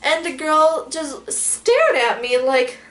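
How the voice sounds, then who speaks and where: A young woman with a high, light voice tells her story to the camera, animated and full of fillers. She slips into dramatic quoted outbursts as she goes. A faint hiss sits under her voice. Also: takes it slowly. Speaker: vlogger. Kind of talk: storytelling vlog.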